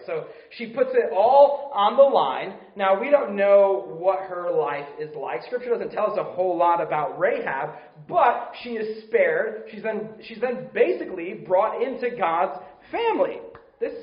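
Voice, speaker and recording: A man's voice: sits high, reverberant, muffled recording. A man preaching a sermon in an earnest, conversational way, often asking his listeners questions.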